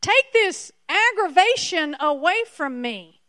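Woman doing a fed-up apostle man, exclaiming and pleading, high and strained. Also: sing-song, slow, sharp tone, no room sound, clean studio sound, heavily acted. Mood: exasperated. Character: exasperated complaining apostle man, worn down.

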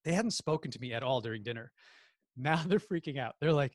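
A man with a New Jersey accent, a podcast guest telling animated stories and acting out quotes in casual chat. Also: mid-range voice, fairly quick, no room sound, studio quality. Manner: animated storyteller, acts out quotes.

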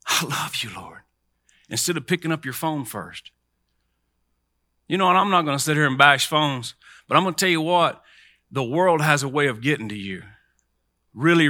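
Middle-aged male preacher, crisp dry sound, bright tense tone, talks the crowd through call-and-response. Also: on the high side, no room sound. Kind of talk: sermon.

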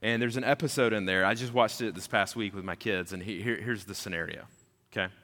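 A man, preaching a sermon in a casual, animated storytelling way. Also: lowish voice, fairly quick. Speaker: pastor. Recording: long hall reverb.

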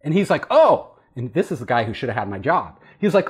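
A man casually telling a story, animated and often laughing as he acts out what others said. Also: mid-range voice, fairly quick, hardly any pauses, husky. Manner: animated, laughing, acting out quoted voices. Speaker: storyteller guest. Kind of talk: casual anecdote.

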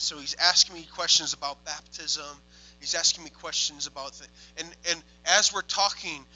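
High, bright-voiced excitable male minister. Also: rough recording. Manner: excitable, swings from hushed to loud exclamations. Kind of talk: testimony storytelling.

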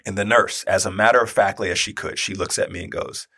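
A man's voice: on the low side, quick pace, creaky, few pauses, husky. A man in his thirties telling a personal story in casual talk, acting out the quoted dialogue. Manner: animated, acts out quoted dialogue.

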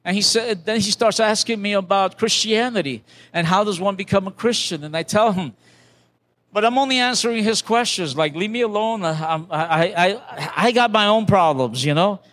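A man's voice: high voice, normal speed, a bit bright. An older man, a pastor, preaching a sermon as a conversational testimony, with restarts and acted-out quotes.

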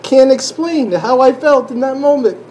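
A man sharing a personal faith testimony in an emotional, halting way, often restarting his sentences and sighing. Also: extremely high pitch, animated, a little mellow, slight background noise, rough recording. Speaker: church member sharing testimony.

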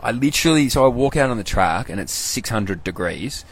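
A man's voice: mid-range voice, lively intonation, fairly quick, husky. Laid-back Australian man, rambling recap. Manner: loose, rambling, slangy, swears freely. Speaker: podcast host. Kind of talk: casual solo recap podcast.

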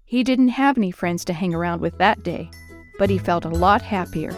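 A woman narrating a children's Bible story in a clear, expressive storybook manner. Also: lowish voice, moderate pace, faint music behind.

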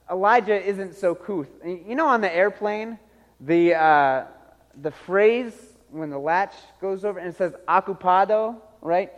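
A man preaching a sermon as a pastor, telling a story with animated acted-out voices and frequent laughs. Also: sits high, in a large hall.

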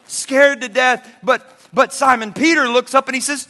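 A male preacher delivers a sermon in a high, bright voice and tells stories in an animated way. He acts out the characters as he goes. The sound carries a long, echoing hall reverb. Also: normal speed, hardly any pauses, a faint crowd. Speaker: pastor.

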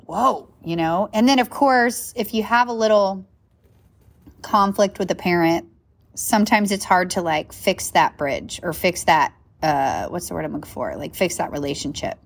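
A woman's voice: fairly low pitch, moderate pace, creaky. Chatty woman podcaster, full of "like". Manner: chatty, filler-heavy, frequent "like" and "right?". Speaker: podcast host and coach. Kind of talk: casual solo podcast talk.

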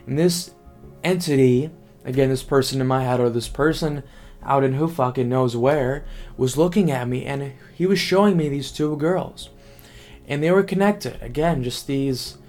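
A young man talking casually to camera as a vlogger, rambling and excitable, full of fillers and swearing. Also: a little high.

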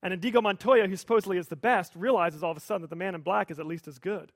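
A pastor preaching a sermon in a conversational, lightly humorous storytelling manner. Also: male voice, high-pitched, very fast, no echo, studio quality.

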